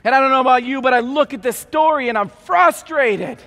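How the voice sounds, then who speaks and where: A man preaching a keynote sermon, dramatically acting out scripture scenes with sudden loud outbursts. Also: very high voice, fairly quick, hardly any pauses. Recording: long hall reverb.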